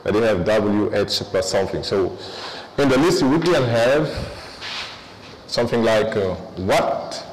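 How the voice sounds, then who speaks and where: A man's voice: lowish voice, animated, a little slow, darkish tone, in a large hall, a little hiss or hum, rough recording. A man teaching an English review lesson, switching between English and with frequent fillers.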